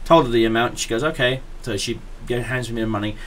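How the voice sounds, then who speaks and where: A man's voice: mid-range voice, quick pace, fairly bright tone, a little hiss or hum. A young man, hosting a podcast and telling a crude story in a loose, laughing way. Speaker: podcast host. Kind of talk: casual storytelling.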